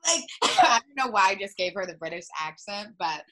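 A young woman in casual reality-TV chat, blunt and animated, swearing freely and mimicking people. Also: medium pitch, normal speed.

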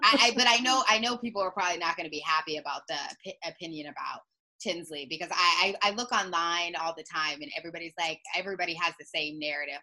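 A young woman in casual reality-TV chat, blunt and animated, swearing freely and mimicking people. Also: on the low side, fast talker.

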